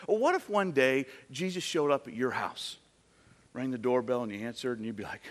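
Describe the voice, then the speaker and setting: A man's voice: medium pitch, animated, a little fast, fairly bright tone. A man in his thirties preaching a sermon, telling stories and acting out quoted voices in a conversational way. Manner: conversational storytelling with acted quotes. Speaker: pastor.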